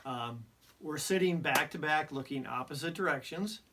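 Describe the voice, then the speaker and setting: Brief: man, fifties, relaxed storyteller, self-deprecating, laughs a lot. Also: a little high, normal speed, background noise. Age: 50s. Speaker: podcast co-host. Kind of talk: casual storytelling.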